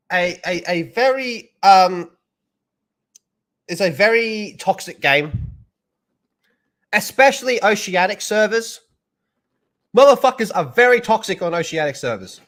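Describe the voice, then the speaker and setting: A man's voice: high voice, lively intonation, slow pace, long pauses, fairly bright tone. A man ranting bluntly and profanely as a stream commentator.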